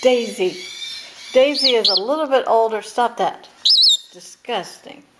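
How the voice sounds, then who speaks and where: A woman filming her pet parrots at home, coaxing them in a high, sing-song pet voice and laughing often. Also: measured pace. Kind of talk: home video chat with pet birds. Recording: home camera with loud background noise.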